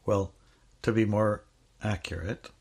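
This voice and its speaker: A man's voice: on the low side, fairly even intonation, slow pace, creaky, breathy edge. A man co-hosting a podcast, chatting casually and teasing his co-host in playful banter. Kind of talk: casual chat.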